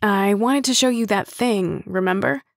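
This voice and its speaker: A woman's voice: mid-range voice, moderate pace, creaky, no echo. A kind young man with a light, dry teasing streak, read by a female narrator. His lines sit close to her own voice in a dry, close booth sound. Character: friendly, teasing young male coffee shop owner.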